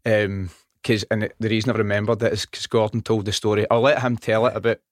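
A middle-aged Scottish man chatting on a podcast, telling an animated, sweary story and acting out the dialogue. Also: on the low side, quick pace, dry recording, studio quality. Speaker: podcast guest. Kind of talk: casual chat. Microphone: studio microphone.

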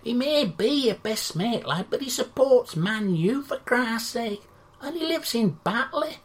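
A woman's voice: fairly high pitch, lively intonation, unhurried, voice pushed up. A woman voicing a modest male football caretaker manager in a comedy sketch, who rambles and hesitates with lots of fillers. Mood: rousing.

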